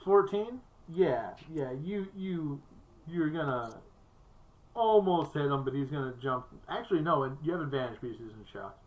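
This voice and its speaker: Low-voiced woman running a tabletop game. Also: normal speed, low-quality recording. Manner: laughs often, relaxed with fillers. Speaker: game master.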